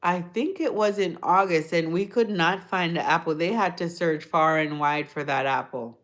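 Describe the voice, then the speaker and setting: A woman's voice: on the low side, normal speed, fairly bright tone. A woman hosting a livestream, chatting casually with viewers in a rambling, storytelling way and gushing about food. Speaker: livestream host. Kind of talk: casual chat answering viewers.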